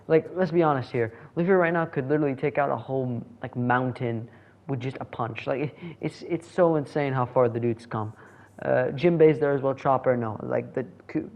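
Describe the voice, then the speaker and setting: A man talks through a manga chapter at a middle pitch, rambling and correcting himself, with a chuckle here and there. The recording is dull and lo-fi. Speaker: manga reviewer. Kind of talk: casual solo commentary.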